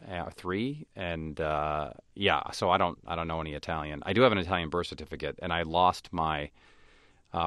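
A man with a very low but bright, forceful voice, talking in an interview. He tells stories in an animated way and slips into other people's voices. The sound is dry and close. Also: no room sound. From United States. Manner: animated storyteller who acts out voices of others. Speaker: actor and comedian guest. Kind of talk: conversational interview.

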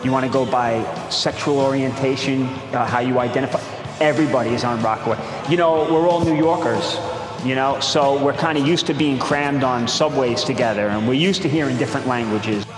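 A middle-aged surf instructor from Brooklyn, talking in a laid-back, chatty way full of "you know"s. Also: male voice, medium pitch, brisk. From Brooklyn, New York. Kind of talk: interview storytelling. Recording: echoey hall with music behind.

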